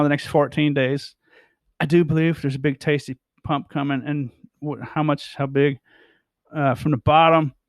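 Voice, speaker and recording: A man's voice: medium pitch, no room sound. A man vlogging about price charts, rambling and stammering as he repeats his phrases. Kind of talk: casual chart commentary.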